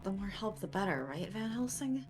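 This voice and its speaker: A woman's voice: medium pitch, animated, normal speed, over music, pitched above the performer's own voice, close to an everyday voice. A woman voicing a determined young heroine in plain, matter-of-fact line readings. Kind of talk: reading game dialogue aloud.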